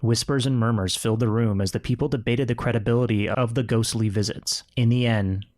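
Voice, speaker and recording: A man co-hosting a podcast, telling a story from notes and chatting in a relaxed, joking way, a bit tipsy. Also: medium pitch, fairly quick. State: tipsy from bourbon. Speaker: podcast co-host. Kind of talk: casual chat mixed with read narration.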